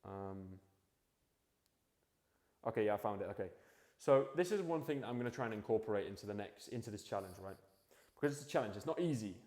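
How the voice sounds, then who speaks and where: A man's voice: fairly low pitch, expressive, fairly quick, long pauses, darkish tone. A young man talking to the camera in a casual motivational monologue at home at night, rambling, swearing freely and restarting his sentences. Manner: drops to mumbling while searching for a quote. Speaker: vlogger. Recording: echoey room with long reverb.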